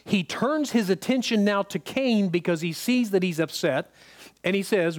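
This preacher's high male voice is expressive and moves at a moderate pace through a casual, conversational sermon. Again and again he asks the congregation whether they follow, repeating words when he wants something to land.

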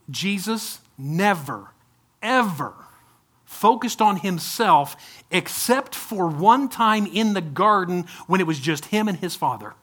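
Bright, high-voiced man preaching. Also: lively intonation, normal speed. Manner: conversational, asks the congregation questions. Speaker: pastor. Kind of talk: sermon.

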